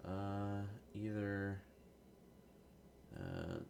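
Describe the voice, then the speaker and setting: A man's voice: fairly low pitch, very animated, drawn-out words, creaky, a little mellow, a little hiss or hum. A man who is sick, giving rambling, profane, casual commentary over strategy gameplay. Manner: rambling, profane, self-deprecating. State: sick with a cold. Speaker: gaming youtuber.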